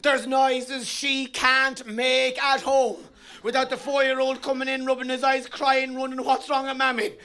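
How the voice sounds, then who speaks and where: A man's voice: very high-pitched, monotone, unhurried, sharp tone. A middle-aged Irish man doing a bawdy stand-up routine on a theatre stage, telling rowdy stories and bellowing his punchlines. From Ireland. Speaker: stand-up comedian.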